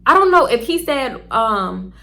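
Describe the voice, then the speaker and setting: Young woman vlogger, high bright voice, chatty storyteller who cusses and addresses viewers directly. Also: unhurried. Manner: chatty, animated, swears freely, talks straight to viewers. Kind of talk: casual storytelling to camera.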